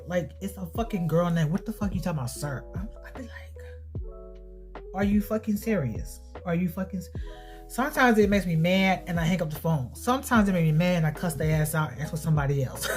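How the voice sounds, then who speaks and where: A woman's voice: fairly low pitch, a little mellow. A woman in her thirties talking casually and bluntly to camera for her vlog, swearing freely and repeating herself for emphasis. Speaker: beauty and family vlogger.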